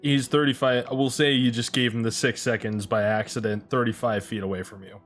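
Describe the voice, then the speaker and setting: A man at a tabletop game, excitable and joking about the rules and the story. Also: mid-range voice, a little fast, faint music behind. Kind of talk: casual game table talk.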